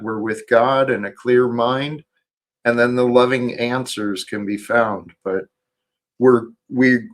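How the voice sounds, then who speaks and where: A man hosting a casual spiritual livestream chat, speaking in a reflective, earnest way. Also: mid-range voice. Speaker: livestream host.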